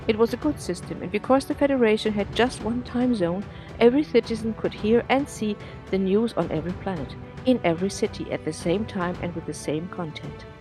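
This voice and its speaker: A woman reading a serialized story aloud for her podcast in a steady, plain manner. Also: mid-range voice, fairly quick, over music. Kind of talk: scripted story narration.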